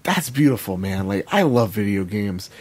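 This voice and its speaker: A man's voice: on the low side, lively intonation, normal speed, darkish tone. A man co-hosting a casual gaming podcast, talking earnestly, swearing freely and saying "like" a lot. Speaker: podcast co-host.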